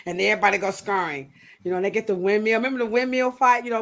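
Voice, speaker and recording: A woman hosting a casual podcast livestream, talking in a playful, animated way. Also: medium pitch, racing. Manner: animated, playful, acts out quoted voices. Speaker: podcast host.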